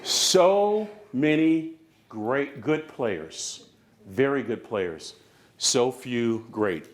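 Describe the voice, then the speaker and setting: A man from the San Francisco Bay Area giving a motivational keynote to a live conference audience, preaching with call-and-response. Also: mid-range voice. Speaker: motivational speaker.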